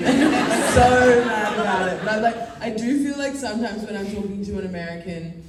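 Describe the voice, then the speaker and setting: A woman's voice: medium pitch, a little fast, background noise. Young Australian woman, casual panel guest, heard from a distance over a crowd. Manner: chatty, laughing, sweary. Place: convention panel hall. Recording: echoey hall, mic heard from far off. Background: convention crowd.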